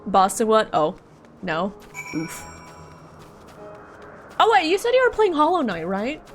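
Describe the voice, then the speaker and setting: A woman's voice: on the high side, wildly swooping pitch, unhurried, faint music behind. A woman streaming a game live, giggly and playful, chatting with her viewers and practising how to say words. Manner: giggly and playful, chats with viewers and drills pronunciations.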